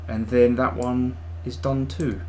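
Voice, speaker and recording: Middle-aged guy streaming while he sculpts, relaxed chatty thinking out loud, bit of faint room hum. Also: mid-range voice, unhurried. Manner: easygoing, thinking aloud while working. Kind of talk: casual live-stream chat while sculpting.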